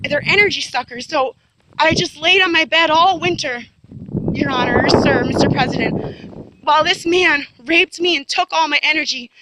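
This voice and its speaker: Heavy background noise surrounds a woman whose voice sits high as she talks at normal speed to camera. Her first-person account is earnest and insistent but rambling and repetitive, with frequent fillers and restarts.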